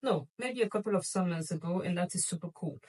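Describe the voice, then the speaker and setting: A woman's voice: lowish voice, fast, a little mellow, recorded from a distance, poor audio. Gushing woman vlogger, slightly off-mic. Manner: gushing, playful, addresses viewers directly. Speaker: luxury shopping vlogger. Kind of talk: casual chatty haul video.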